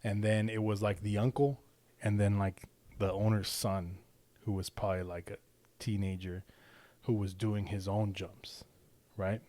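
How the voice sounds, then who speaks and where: A man's voice: on the low side, flat delivery, a little slow, warm tone. A man, a father and podcast co-host, telling a story casually and rambling, swearing a lot and checking in with his listener. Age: young adult to middle-aged father. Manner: rambling, profane, keeps checking in with 'right?'.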